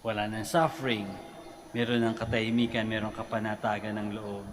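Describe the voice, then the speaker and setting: Filipino priest preaching in a reverberant basilica. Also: male voice, on the low side, level tone, a little fast. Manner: conversational preaching with rhetorical questions. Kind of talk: homily at morning Mass. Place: large church basilica. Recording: long church reverb with faint noise.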